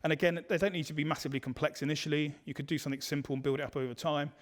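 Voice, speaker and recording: A man's voice: a little high, fairly even intonation, very fast. A man presenting a digital marketing webinar in a conversational way, full of fillers and restarts. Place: online webinar.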